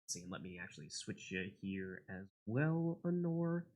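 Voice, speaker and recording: A man's voice: low-pitched, very animated, moderate pace, darkish tone. A man hosting a community game livestream, casting matches and chatting with players in an upbeat, friendly way. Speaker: stream host and caster. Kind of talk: casual livestream commentary.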